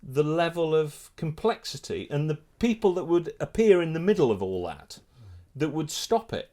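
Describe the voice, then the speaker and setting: A middle-aged man, a photographer and filmmaker, telling a lively anecdote in a casual interview, restarting his sentences often. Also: a little high, moderate pace. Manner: animated storyteller, many restarts.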